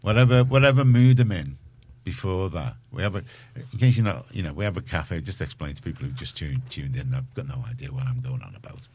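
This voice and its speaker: Deep-voiced scouse guy hosting community radio, rambly and chatty. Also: animated, fast, few pauses, darkish tone, slightly rough. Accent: Liverpool. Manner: rambling, chatty, self-mocking. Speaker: radio presenter. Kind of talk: casual community radio chat. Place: radio studio.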